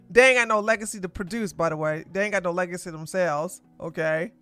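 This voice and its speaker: A woman hosting a live political commentary stream, animated and sarcastic, exclaiming and talking to her chat. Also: on the low side, fast talker, no room sound, faint music behind. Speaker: podcast host.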